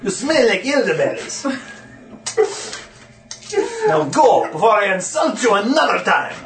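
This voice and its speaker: A man's voice: high-pitched, sing-song, a little slow, roomy sound, distant mic, voice pushed up, exaggerated voice. A man voicing a strange, horrific-sounding male creature, imprisoned and hungry, who talks rudely and makes threats. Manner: rude, demanding, threatening.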